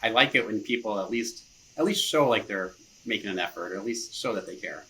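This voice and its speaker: Bright-voiced man, easygoing guest. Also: on the low side, brisk, poor audio. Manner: easygoing, chuckles often, leans on "you know". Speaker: marketing director, podcast guest. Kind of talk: casual interview chat.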